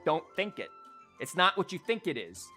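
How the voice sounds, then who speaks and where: Guy streaming, bright sharp voice, rambles and stutters, chats with viewers, bit of music behind. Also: high-pitched, sing-song, moderate pace. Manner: rambling, stammering, chatty with chat. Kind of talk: casual livestream chat.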